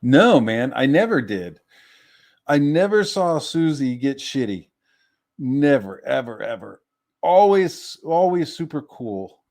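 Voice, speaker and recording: A man's voice: mid-range voice, very animated, slow, a little mellow. A man casually telling a rambling personal story, swearing freely and often restarting his sentences. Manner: rambling, profane, self-interrupting. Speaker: streamer.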